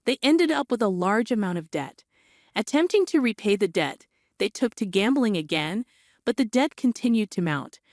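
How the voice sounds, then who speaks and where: A woman narrating a scripted story, cool and matter-of-fact, her pitch moving in a lively way. The voice sounds dry and close, with no room around it. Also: moderate pace, dry recording.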